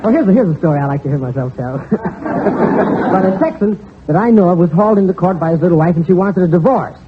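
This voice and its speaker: High-voiced man telling jokes. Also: a little fast, very noisy. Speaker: comedian. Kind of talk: stand-up storytelling. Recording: tinny old lo-fi audio with crowd.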